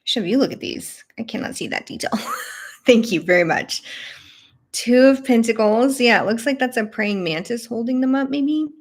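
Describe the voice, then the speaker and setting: A young woman hosting a live tarot flip-through, chatting warmly with viewers and gushing over each card. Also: on the high side, animated, normal speed. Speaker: tarot channel host.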